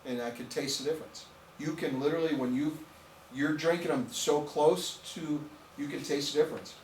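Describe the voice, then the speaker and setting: A man's voice: on the high side, fairly even intonation, moderate pace, darkish tone. A man giving a nutrition training to a small group, emphatic and repetitive, often checking in with "okay?". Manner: emphatic, repeats words and asks "okay?". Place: room with an audience. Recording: echoey room, distant mic, faint noise.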